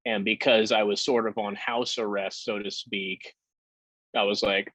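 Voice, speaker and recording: Low-voiced man recounting with halting fillers. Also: level tone, fairly bright tone, no room sound. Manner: candid, halting, with swearing and fillers. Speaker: podcast guest. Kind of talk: casual storytelling interview. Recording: dull lo-fi sound.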